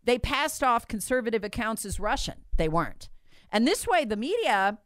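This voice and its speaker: A woman's voice: a little high, very animated, moderate pace, no echo, studio quality. A woman giving emphatic political commentary, repeating her points and acting out what others said. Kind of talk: animated political talk.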